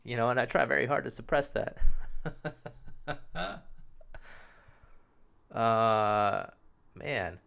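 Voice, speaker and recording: A man's voice: mid-range voice, extremely slow, vocal fry, long pauses, fairly bright tone. A young man hosting a solo podcast while sick, with a nasal, phlegmy voice and a sore throat, rambling loosely and mocking himself, with plenty of swearing. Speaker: podcast host.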